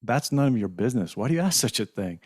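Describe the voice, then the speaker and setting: A man's voice: medium pitch, very animated, fast, breathy edge, dry recording, studio quality. A man reading out the lines of a tired working father who scolds curtly. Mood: stern.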